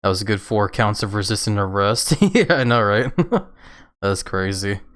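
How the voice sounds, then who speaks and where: A man's voice: fairly low pitch, moderate pace, a bit bright. A man casually commenting on a racing game as he streams, laid-back and laughing often, with hiccups.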